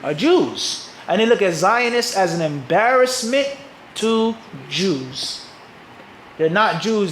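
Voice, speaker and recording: A man's voice: high voice, animated, measured pace, a bit bright, echoey room, a little hiss or hum, low-quality recording. A man from Philadelphia with an American accent, teaching a live audience and often asking rhetorical questions before answering them himself. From Philadelphia, USA. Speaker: Islamic teacher.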